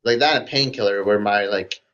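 In this casual podcast chat, a man rambles about games like an excited fan, saying "like" constantly. His voice sits on the low side, a bit bright, at a normal speed. The audio is lo-fi, dull and muffled.

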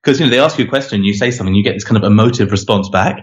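A man's voice: fairly low pitch, racing, highs cut off. A man being interviewed as a game developer, talking casually and rambling with lots of "you know" and restarts.

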